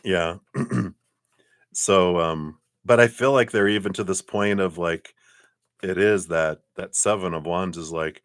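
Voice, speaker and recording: A man giving a live-streamed tarot reading, reflective and unhurried, with many "you know"s and soft laughs. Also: deep voice, dry recording, studio quality. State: sucking a cough drop, clearing throat. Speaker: tarot card reader.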